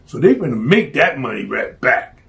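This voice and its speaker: A man's voice: mid-range voice, sing-song, normal speed, vocal fry, a bit bright. A man telling a story from his past in a blunt, profane, streetwise way.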